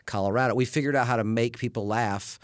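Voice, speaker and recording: A man's voice: medium pitch, steady tone, quick pace, no room sound, studio quality. A male stand-up comedian with a Southern US accent, chatting casually and thinking aloud with restarts. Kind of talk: casual conversation.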